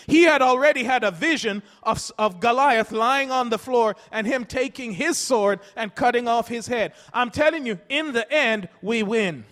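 A man preaching a rousing sermon in a church, repeating his points and building to loud, emphatic calls. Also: extremely high pitch, a little slow, big-room sound. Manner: rousing, repetitive call-and-response preaching.

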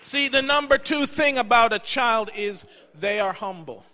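A man's voice: very high voice, unhurried, pushed and bright, in a large hall. A middle-aged man preaching a sermon as pastor, telling folksy stories with casual asides. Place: church sanctuary.

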